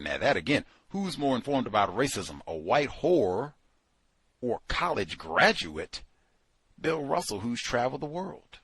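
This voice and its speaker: Male host, book club commentary, husky and lively, incredulous and sarcastic. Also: mid-range voice, measured pace, dry recording. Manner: animated, incredulous, sarcastic asides. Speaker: podcast host.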